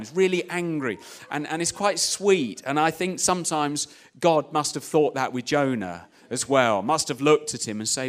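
A man's voice: mid-range voice, normal speed, a bit bright. A man preaching a conversational sermon, retelling a story with many "you know" asides. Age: adult, young child at home.

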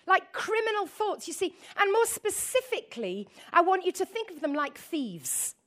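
Animated, high-voiced woman preaching. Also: moderate pace. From north of England. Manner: animated, asks the audience questions, chatty asides. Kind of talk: lively sermon to a congregation.

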